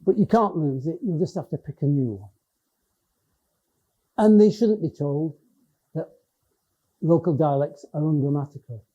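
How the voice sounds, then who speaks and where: An older man with a northern English Cumbrian accent delivers a public lecture in a loose, conversational way, often restarting his phrases. His voice is very dark and somewhat husky. The recording sounds dull and lo-fi. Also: a little high, a little slow, pauses often. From Lake District, England. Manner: conversational, with frequent restarts and hesitations. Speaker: education professor giving a talk.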